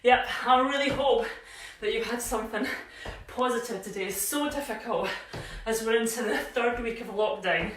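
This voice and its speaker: A woman fitness instructor guides a live home workout with a slightly high, encouraging voice. She is chatty and a little out of breath from moving along with the class. Her voice reaches the camera from across a bare room, with a strong echo around it. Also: normal speed, noisy background. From Scotland. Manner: encouraging, chatty, cues movements with frequent "yeah?". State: slightly out of breath while exercising. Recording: very echoey room, voice from a distance.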